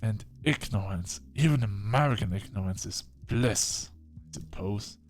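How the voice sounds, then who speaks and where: A man's voice: on the low side, measured pace, faint music behind, close to an everyday voice. An actor with an English accent playing an irritable, snobbish centuries-old male vampire doctor in a game. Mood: scornful. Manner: haughty, scoffing.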